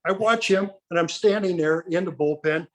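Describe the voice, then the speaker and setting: Animated older male storyteller. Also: high voice, moderate pace. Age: 60s. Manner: lively storyteller who acts out the people he quotes. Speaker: guest, retired baseball pitcher. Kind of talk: anecdotal storytelling.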